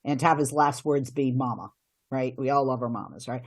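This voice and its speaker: A woman's voice: extremely low pitch, fairly quick, husky. A middle-aged woman, a radio host and commentator, giving earnest answers in a podcast interview, often restarting her sentences.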